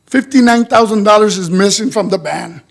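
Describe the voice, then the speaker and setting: A man's voice: high voice, moderate pace, gravelly. A man speaking in public comment at a school board meeting, listing complaints in short clipped statements.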